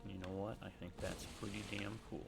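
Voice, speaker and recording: A man giving casual, rambling gameplay commentary, jokey with sudden loud outbursts. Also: lowish voice, steady tone, fairly quick, gravelly, loud music behind the voice. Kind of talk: casual let's-play commentary.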